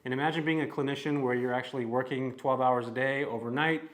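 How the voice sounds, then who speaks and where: This is a young man from California in a casual vlog, speaking to camera at an everyday middle pitch. He is upbeat and chatty, with a relaxed, conversational delivery. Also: fast. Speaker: real estate vlogger.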